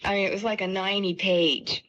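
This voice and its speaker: A woman's voice: mid-range voice, brisk. A woman in a touring singing group, chatting in a radio interview and telling stories with frequent laughs. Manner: lively storyteller, laughs often. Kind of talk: casual interview chat. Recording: muffled 1970 radio broadcast recording.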